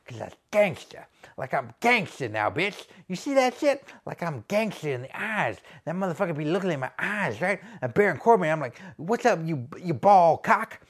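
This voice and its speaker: A man's voice: fairly high pitch, big pitch swings, moderate pace. A man voicing a crude, boastful male wrestler who poses as a gangster, talking with swaggering slang in a comedy sketch.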